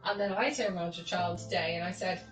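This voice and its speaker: A woman's voice: lowish voice, fast talker, recorded from a distance, soft background music. Sweary woman telling stories, echoey room. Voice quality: sweary, laughing often. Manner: animated storytelling, acting out quoted people with a raised voice. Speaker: teacher. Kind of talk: casual chat.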